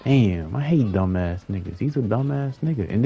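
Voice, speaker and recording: A man's voice: low-pitched, sing-song, normal speed, gravelly, few pauses, dark tone, husky, muffled recording. A young man giving casual gameplay commentary, frustrated and swearing as he talks to himself. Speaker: gaming streamer.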